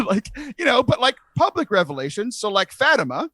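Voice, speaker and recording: Male podcast host, high bright voice, a bit hoarse, earnest and chatty. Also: brisk, no room sound. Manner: earnest, animated, heavy use of "like". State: losing his voice. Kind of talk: casual podcast chat.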